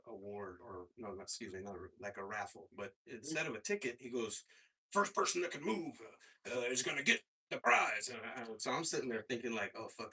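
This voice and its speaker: A man performing a stand-up comedy set on a club stage, with a profane, halting delivery full of fillers. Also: on the low side, a bit bright, slightly rough. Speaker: stand-up comic. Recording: stage mic heard from afar.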